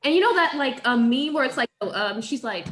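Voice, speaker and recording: A woman's voice: high-pitched, lively intonation, fairly quick, a bit bright, reverberant, a little hiss or hum. A woman who teaches, chatting casually and animatedly, acting out quotes and laughing often. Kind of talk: casual conversation.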